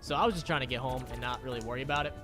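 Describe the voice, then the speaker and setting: A man telling a rambling personal story in a casual, animated way, swearing freely. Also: mid-range voice, rapid-fire, music in the background. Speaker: storyteller in a played clip.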